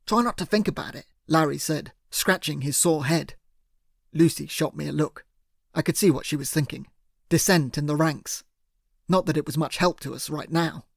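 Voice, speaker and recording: A man reads a first-person audiobook in a steady, measured way. His voice sits a little high with a gravelly rasp, and the recording is close and bone-dry. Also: dry recording. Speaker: audiobook narrator.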